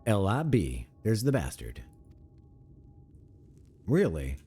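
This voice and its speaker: A man's voice: on the low side, huge pitch swings, takes it slowly, dark tone, slightly rough, faint music behind. A man from Europe giving playful, chatty commentary as he streams a game, laughing at his own jokes. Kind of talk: casual gameplay commentary.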